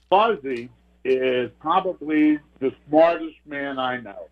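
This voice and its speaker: A man's voice: a little high, unhurried. An older man, earnestly telling a personal ghost story as a caller. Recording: tinny phone line.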